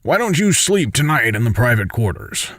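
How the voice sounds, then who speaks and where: A man voicing a protective older militia leader who speaks in a calm, measured way. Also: mid-range voice, dry recording, studio quality, voice pushed up. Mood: kindly.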